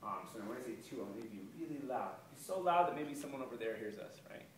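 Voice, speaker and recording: A man teaching a young girl karate and self-defense, encouraging her with counts and quick praise. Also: mid-range voice, animated, far from the mic, slight background noise. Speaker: karate instructor. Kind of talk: kids' self-defense lesson. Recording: echoey room, voice from off-mic.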